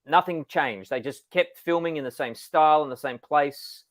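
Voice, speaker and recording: A man's voice: fairly high pitch, normal speed. A man co-hosting a casual film chat over a video call, an easygoing storyteller with a sardonic streak who laughs easily. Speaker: filmmaker co-host.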